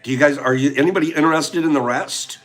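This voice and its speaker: An older man hosting a casual talk tells a fishing story with animation, acting out his friends' lines and chuckling along the way. His pitch is fairly high and his pace quick, with slight background noise.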